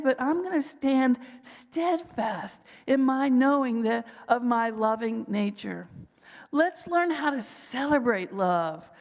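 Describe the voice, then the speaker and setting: A woman minister giving a gentle sermon, slowing down to guide her listeners through pauses and breaths. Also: on the high side, big-room sound. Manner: gentle, slow guiding pauses with breathing cues.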